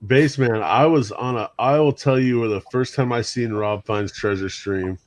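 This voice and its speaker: A man in his forties telling animated stories in casual chat, often mimicking others and laughing. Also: medium pitch, normal speed, dry recording.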